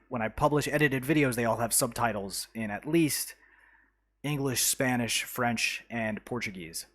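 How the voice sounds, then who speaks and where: Chatty, halting male game streamer. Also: medium pitch, a bit bright. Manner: chatty and halting, full of uh and restarts; greets chat viewers by name. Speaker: live streamer. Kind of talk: casual live commentary on a city-building game.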